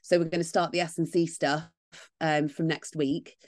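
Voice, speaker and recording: A woman's voice: deep voice, flat delivery, normal speed, darkish tone, dry recording, studio quality. A woman co-hosting a casual running podcast, bubbly and agreeable, often chiming in with yeah. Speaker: podcast co-host and strength coach.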